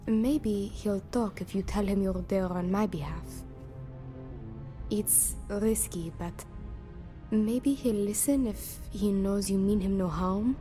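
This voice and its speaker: A worried, earnest woman with a French accent, voiced by an actress in a game scene. Her tone is mellow and warm, and she speaks in a measured, pleading way. Faint music plays under the dialogue. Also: mid-range voice, natural voice. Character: worried woman seeking a reconciliation.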